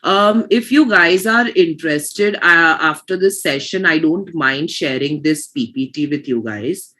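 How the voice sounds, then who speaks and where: A woman's voice: deep voice, lively intonation, unhurried, bright, forceful tone. A woman teaching pronunciation in an online class, explaining patiently and restarting her phrases.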